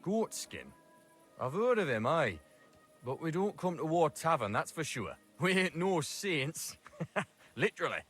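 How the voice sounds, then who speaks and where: A man's voice: a little high, sing-song, unhurried, a bit bright, breathy edge, faint music behind, exaggerated voice. An actor playing a blunt, dialect-heavy male tavern drinker with a Geordie-style northern English accent. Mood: gruff.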